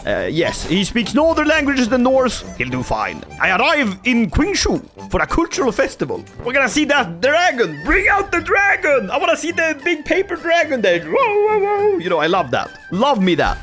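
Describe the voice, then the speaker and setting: A man giving energetic, jokey commentary on his strategy game playthrough, sometimes putting on voices for the characters. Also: very high-pitched, moderate pace, few pauses, faint music behind. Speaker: gaming YouTuber.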